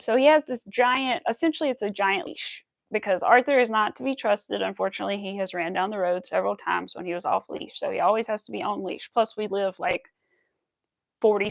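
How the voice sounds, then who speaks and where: A woman chatting casually to her viewers while she crochets at home, rambling from one story to the next. Her voice is mid-pitched with a noticeable gravelly fry. The sound is close and dry, with no room echo. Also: brisk. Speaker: crochet livestream host.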